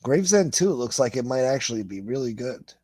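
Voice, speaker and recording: A man's voice: mid-range voice, big pitch swings, a little fast, darkish tone, no room sound. A middle-aged man, hosting a livestream and reading chat comments in a blunt, profane, rambling way. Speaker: livestream host.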